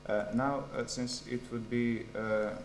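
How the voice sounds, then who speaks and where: A man's voice: medium pitch, steady tone, a little slow, a little hiss or hum. A man defending his doctoral thesis, giving a formal academic answer, hesitant with frequent fillers. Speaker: PhD candidate defending a thesis. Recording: echoey room.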